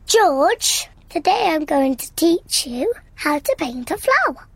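Peppa Pig, bossy little piglet. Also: female voice, very high voice, sing-song, slow pace, dry recording, exaggerated voice, low-quality recording. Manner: bossy, proud, giggly. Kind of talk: cartoon voice acting.

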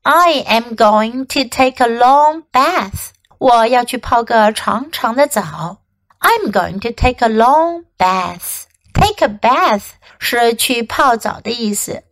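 Slow, high-voiced woman English teacher. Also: lively intonation, fairly bright tone, dry recording, poor audio. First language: Mandarin Chinese. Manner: reads each line, then translates it, slow and clear. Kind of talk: bilingual storybook reading.

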